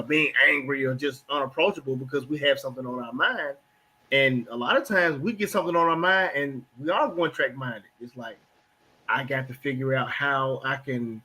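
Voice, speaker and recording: A man's voice: a little high, sharp tone. A man hosting a casual panel talk, explaining earnestly and acting out everyday exchanges. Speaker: host.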